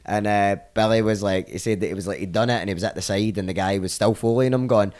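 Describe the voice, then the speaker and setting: Scottish man, fairly low voice, podcast guest, casual rambling storyteller, sweary. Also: fast, darkish tone. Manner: rambling, sweary, laughs through stories.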